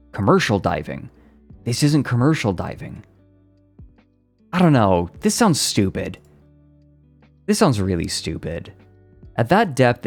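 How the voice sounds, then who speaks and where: A man with a fairly low voice streams casually, reading an article aloud and cutting in with rambling, profane asides. Faint music plays softly underneath him. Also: no echo. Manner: profane, rambling asides between read passages.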